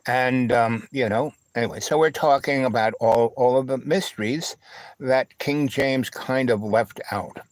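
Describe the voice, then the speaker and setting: A man of middle pitch tells a winding personal story on a livestream. He stops often, restarts his sentences and keeps checking in with asides. The sound is dry and close, with little room echo. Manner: halting, with many fillers, restarts and "you know, right?" asides. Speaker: livestream host.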